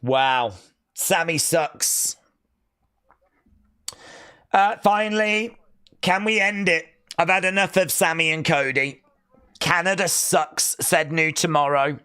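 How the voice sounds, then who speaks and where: Bright-voiced man reacting live. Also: a little high, measured pace, clear, resonant tone. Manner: excitable, reacts loudly and reads out viewer chat. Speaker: livestream host. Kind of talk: live watch-along reaction commentary.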